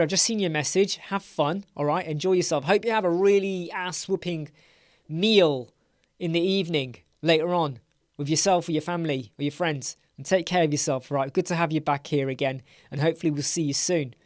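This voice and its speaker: A middle-aged man from England hosts a relaxed live Q&A, sleepy and yawning and rambling in a friendly way. His voice sits a touch high for a man. The sound is close and dry, with no room around it. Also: brisk, dry recording. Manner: chatty, greets viewers by name, repeats words. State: tired, yawning. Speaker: livestream host. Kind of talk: casual live Q&A chat.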